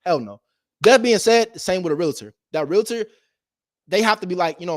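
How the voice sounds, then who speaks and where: A man giving a casual motivational talk as a host, animated and slangy, swinging between loud emphasis and low asides. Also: normal speed, no echo, studio quality. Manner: slangy and direct, addresses viewers as bro. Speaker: real estate investor and video host.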